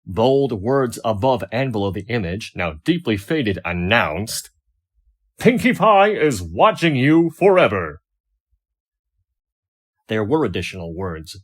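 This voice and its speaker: A man reading a first-person fan fiction story aloud, wry and expressive. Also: lowish voice. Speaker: audiobook reader.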